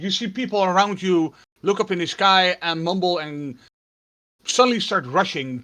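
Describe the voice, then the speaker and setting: A man narrating as game master of a tabletop role-playing game in a relaxed, filler-heavy storytelling manner. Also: sits high.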